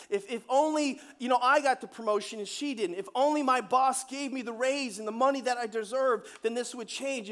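A pastor preaching a lively sermon, repeating key phrases and asking the congregation questions. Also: male voice, extremely high pitch. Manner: animated storytelling, repeats key phrases, asks the room questions.

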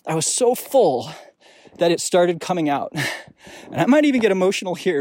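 A young man hosting a podcast, telling a deeply personal story in a reflective, emotional way with frequent restarts. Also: very animated, brisk, pauses often, darkish tone, dry recording. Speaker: podcast host. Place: outdoors on a snowy mountain.

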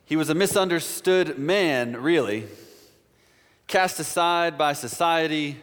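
A man's voice: fairly high pitch, slow pace, a bit bright, smooth. A man preaching a sermon as pastor in a church, in a conversational style with playful asides. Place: church sanctuary. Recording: long church reverb.

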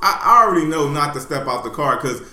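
A man with a bright, forceful voice talks fast in casual podcast chat. He is blunt and leans on a stock phrase. The room is roomy and echoey. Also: fairly high pitch, lively intonation. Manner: quick, blunt, repeats "you know what I'm saying".

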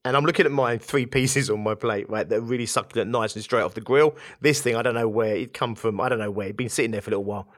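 A man hosting a podcast, telling an animated story off the cuff and tagging his sentences with a questioning "right?". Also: medium pitch, fast talker, hardly any pauses. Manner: animated, tags lines with "right?", swears casually. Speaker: podcast host. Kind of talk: casual storytelling monologue.

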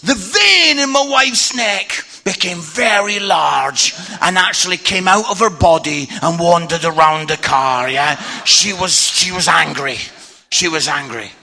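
A middle-aged man preaching a humorous storytelling sermon, an animated teller with punchy asides. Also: high voice, unhurried, vocal fry, soft background music. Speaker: evangelist preacher.

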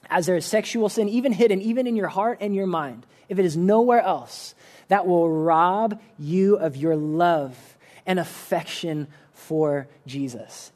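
In a church service room, a man with a fairly high, darkish voice preaches conversationally. He comes across as earnest and casual, often starting sentences over and leaning on "like."

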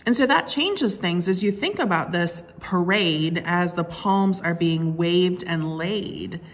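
A woman pastor gives a sermon in a relaxed, conversational tone. Her voice sits a little low, and she speaks at an unhurried pace. She often pauses on fillers and restarts her sentences as she explains.

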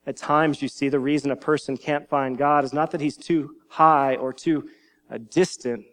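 A man's voice: a little high, fairly even intonation, normal speed. A male pastor preaching a sermon in an earnest teaching manner, now and then repeating a word as he goes.

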